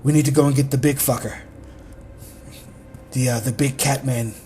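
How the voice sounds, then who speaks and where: A man voicing a one-eyed male prisoner who mutters quick, hushed escape plans. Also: medium pitch, steady tone, faint music behind, close to an everyday voice. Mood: scheming.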